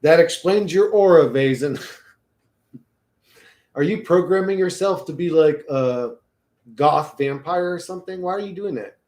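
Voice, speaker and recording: Man, livestream host, casual chat, rambling, swearing, jokey, mumbles then gets loud. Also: on the high side, slow pace, long pauses. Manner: rambling, profane and joking.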